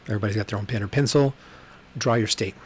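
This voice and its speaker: Low-voiced man, rambling livestream talk. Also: fast, darkish tone, husky. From Texas. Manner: rambling, profane storytelling with frequent ums. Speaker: podcast host. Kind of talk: casual solo livestream monologue. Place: room at home with books behind him. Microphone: webcam livestream, on camera.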